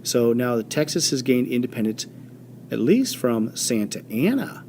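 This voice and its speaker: A man teaching a history lesson in an animated storytelling way, with many fillers and quick voiced quotes. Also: medium pitch, a little hiss or hum. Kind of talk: classroom history lecture.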